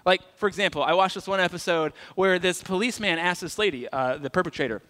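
Bright-voiced joking pastor. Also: male voice, high-pitched, quick pace. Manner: conversational, joking storyteller. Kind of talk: sermon. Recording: reverberant church hall.

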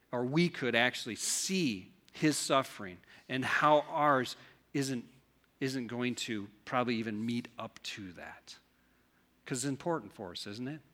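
A man in middle age preaches a sermon, his voice bright and forceful. He keeps throwing rhetorical questions at the congregation, rising and dropping his delivery as he drives each point home, all at an ordinary middle pitch. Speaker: pastor.

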